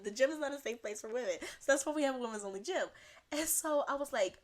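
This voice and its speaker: Animated young woman ranting on a podcast. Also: high-pitched, fast talker. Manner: animated, rambling, laughs often. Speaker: podcast host. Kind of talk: solo comedic podcast rant.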